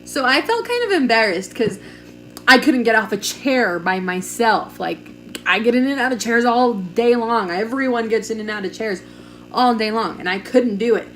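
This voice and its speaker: A woman's voice: on the high side, lively intonation, moderate pace, a bit bright, soft background music. A young woman telling a personal story in a chatty, casual way, full of "like" fillers, recorded on a camera mic at home. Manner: chatty, lots of "like", acts out quoted dialogue. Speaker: vlogger.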